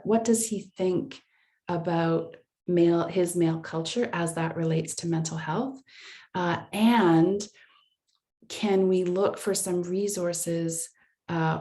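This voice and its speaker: A woman's voice: lowish voice, a little mellow. A woman presenting a live online workshop, answering audience chat comments aloud in a conversational way, often restarting her sentences as she thinks aloud. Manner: frequent restarts and fillers while thinking aloud.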